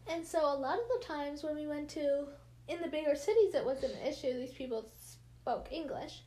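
A woman's voice: sits high, moderate pace, darkish tone. A young American woman with a slight lisp, chatting casually with friends in a rambling, laughing way full of fillers. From United States. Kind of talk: casual chat among friends.

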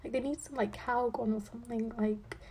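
A woman's voice: a little high, fairly even intonation, fairly quick, a little mellow, slight background noise. A woman in her twenties hosting a podcast, chatting casually with lots of fillers and dry sarcasm. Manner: rambling, filler-heavy, with frequent "like" and "um"; playful sarcasm. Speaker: podcast host, law student. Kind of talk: casual chat.

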